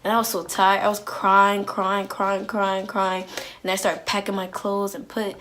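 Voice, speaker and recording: A woman telling a personal story on her vlog in an animated, slangy way, full of "like"s and restarts. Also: medium pitch, measured pace, a little hiss or hum. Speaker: vlogger.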